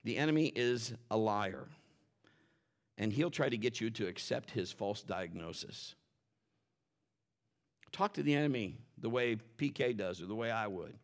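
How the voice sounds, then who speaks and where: Animated male pastor preaching. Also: on the low side, unhurried, pauses often. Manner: animated preaching with storytelling asides; repeats words when restarting. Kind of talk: sermon. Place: church service before a congregation.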